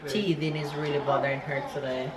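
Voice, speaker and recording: A woman, vlogging at home as a mother who soothes over and over in a soft voice. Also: low voice, steady tone, a little fast. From Jamaica. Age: 30s. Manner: soft repetitive soothing of a crying child. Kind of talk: casual home vlog. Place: home kitchen. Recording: echoey room with background noise.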